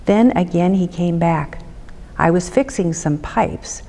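Woman reading a children's book, slow rhythmic delivery, lower voice, reverberant room. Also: warm tone. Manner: measured rhythmic read-aloud. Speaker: city councilmember.

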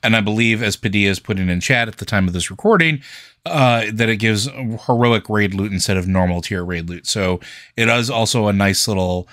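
A man's voice: on the low side, fairly quick, fairly bright tone, no room sound, studio quality. A man co-hosting a gaming podcast, chatting casually through news with lots of fillers and restarts. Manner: rambling, many fillers and restarts. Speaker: podcast co-host.

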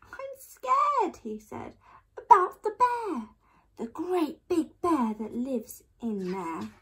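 A woman voicing a frightened little boy in a storybook, with high, tearful cries. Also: big pitch swings, slow pace, slightly rough, full character voice.

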